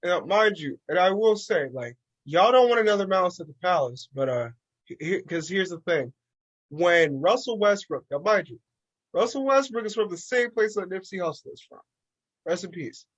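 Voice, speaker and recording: A man co-hosting a casual sports and music podcast with a fairly high voice. He talks in an animated way and jumps up in pitch when acting out what other people say. The delivery is loose, with plenty of fillers. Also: normal speed, dull audio. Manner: animated, acts out quotes in a raised voice. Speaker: podcast co-host. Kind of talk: casual chat.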